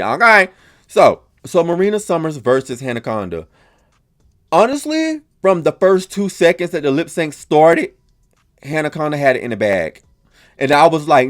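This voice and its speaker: A man hosts a casual reaction podcast, talking in a dramatic, gossipy way packed with slang and gasps. His pitch sits in a middle range but swings widely, leaping up for exclamations and dropping low for asides. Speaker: podcast host reviewing a TV show.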